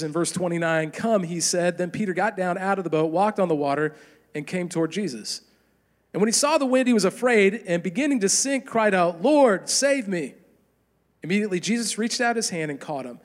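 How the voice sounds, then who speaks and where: A man's voice: sits high, big-room sound. A man preaching a sermon in an encouraging, conversational teaching manner. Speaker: pastor.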